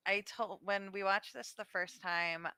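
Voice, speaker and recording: Clear, bright woman reflecting earnestly. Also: medium pitch, steady tone, unhurried, no room sound. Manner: earnest, reflective, emotionally invested. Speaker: podcast co-host. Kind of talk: casual movie discussion.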